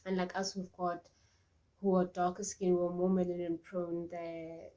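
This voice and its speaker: A young woman chatting casually in a vlog, animated and talkative, acting out little quoted exchanges. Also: fairly low pitch, a little slow. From South Africa. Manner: chatty, animated, acts out quoted voices, laughs often. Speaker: beauty vlogger.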